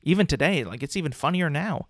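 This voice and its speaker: A man's voice: a little high, animated, fast talker, fairly bright tone, dry recording, studio quality. A man in his twenties casually talking through his opinions on cartoon episodes, rambling with frequent restarts and filler words. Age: 20s. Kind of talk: casual commentary on a cartoon ranking.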